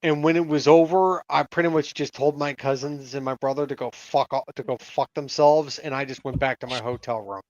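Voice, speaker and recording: A man's voice: mid-range voice, steady tone, fairly quick, hardly any pauses, darkish tone, no room sound, highs cut off. A man co-hosting a podcast in casual chat, blunt, profane and rambling. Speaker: podcast co-host.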